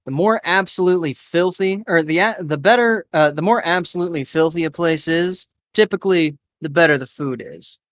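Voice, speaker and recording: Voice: medium pitch, fairly quick, few pauses, fairly bright tone, no echo, natural voice. A game master voicing a weary, guarded man who talks bluntly and swears casually, in a live tabletop role-play. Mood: gruff. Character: weary, guarded adult man, cynical fixer.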